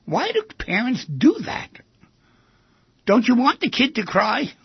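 Husky, gravelly man talking with big swings. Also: a little slow, dry recording. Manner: animated, acts out quoted lines with big swings of pitch. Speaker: speaker on relationships. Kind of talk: lively talk. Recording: dry, dull lo-fi sound.

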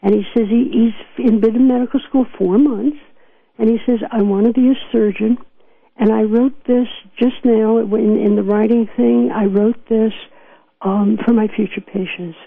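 A woman's voice: fairly high pitch, steady tone, normal speed, vocal fry, dry recording. An older woman physician with a New York accent, telling stories earnestly in an interview and laughing often. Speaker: physician guest. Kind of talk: reflective interview talk. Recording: dry tinny phone line.

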